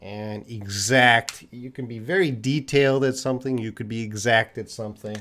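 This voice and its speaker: A man from Canada teaching English on a live stream, answering viewers' chat questions patiently and slowly with many pauses. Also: mid-range voice, fairly even intonation, fairly bright tone. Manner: slow, patient, repeats student names and pauses with uh; drinks tea while talking to the camera.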